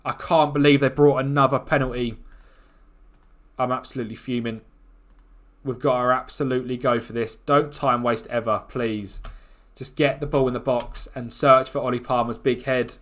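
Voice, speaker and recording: A man commentating on his own football management game, excitable and quick to groan and shout at the action. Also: mid-range voice. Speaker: gaming YouTuber.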